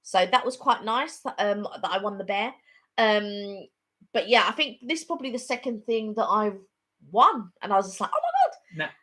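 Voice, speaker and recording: A woman's voice: medium pitch, moderate pace, bright, forceful tone. A woman co-hosting a casual live stream chat, telling a long rambling story with lots of repetition.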